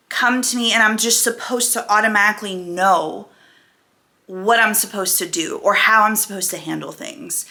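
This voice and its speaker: Bright-voiced woman vlogging candidly. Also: medium pitch. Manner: emphatic, full of rhetorical questions. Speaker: weight loss vlogger. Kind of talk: candid talk to camera.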